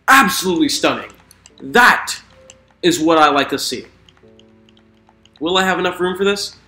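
A man giving excitable let's play commentary while gaming, swearing and talking to the creatures in the game. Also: mid-range voice. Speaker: gamer. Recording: roomy echo with faint music.

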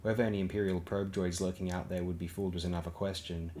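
A man reads an audiobook aloud in a deep, low voice. His narration is steady and even, with a faint hiss in the background. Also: fast talker. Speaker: audiobook reader.

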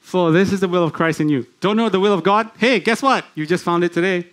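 A man with a fairly high voice preaches a sermon in a church. He talks conversationally and keeps asking his listeners questions. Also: fast talker, a bit bright. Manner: conversational, asks the congregation many questions. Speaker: guest preacher.

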